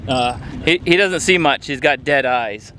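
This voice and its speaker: A man hosts a casual, upbeat vlog outdoors on a boat, enthusiastic and full of jokes. His medium-pitched voice is sharp and unhurried, with music playing underneath and slight background noise.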